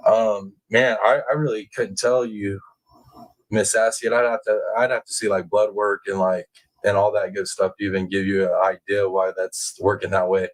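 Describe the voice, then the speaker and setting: A man hosting a casual livestream from home, chatting with viewers and reading their comments in a relaxed, drawling way that jumps higher when he gets excited. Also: moderate pace, poor audio. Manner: laid-back, chatty, drawling out words. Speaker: livestream host reading chat.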